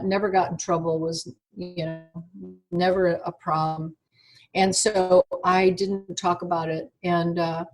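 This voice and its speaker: An older woman, a guest in an interview, recounting personal experiences in an animated way and acting out the dialogue. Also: on the low side. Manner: animated storyteller, acts out quoted dialogue.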